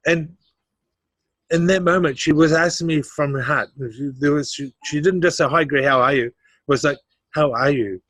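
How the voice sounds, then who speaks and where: A man's voice: on the high side, steady tone, normal speed, a bit bright, no echo. A middle-aged man, a guest in a casual interview, telling his life story with animation, acting out the voices of others and laughing often.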